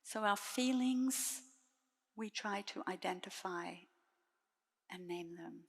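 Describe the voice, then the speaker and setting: A woman giving a dharma talk as a Buddhist nun, speaking gently and softly with measured pauses. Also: mid-range voice, in a large hall.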